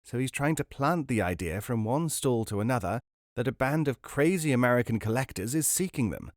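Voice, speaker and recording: An unflappable con man in a storybook, breezy and jovial, with clipped, clubby phrasing, as a male narrator puts him on. His voice rides up and down with lively swings, a little higher than the narrator's own, and the recording is dry. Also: fairly quick, dry recording, close to an everyday voice. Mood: explaining.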